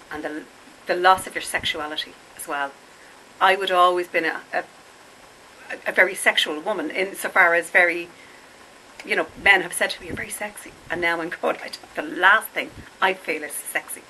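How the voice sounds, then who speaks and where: Low, bright-toned woman vlogging candidly. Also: a little hiss or hum, low-quality recording. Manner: emotional and blunt, with swearing. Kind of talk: candid confessional vlog. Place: home in Spain.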